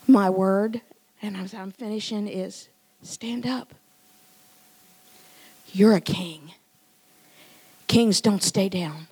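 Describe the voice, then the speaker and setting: A woman in her sixties preaching a sermon in church, moving from loud emphatic lines to hushed, whispered ones. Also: medium pitch, takes it slowly, long pauses, breathy edge. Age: 60s.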